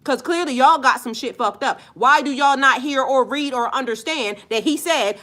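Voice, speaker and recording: A woman's voice: sits high, moderate pace, few pauses, pushed and bright. A woman working as a spiritual life coach, ranting in a heated, profane, emphatic vlog monologue.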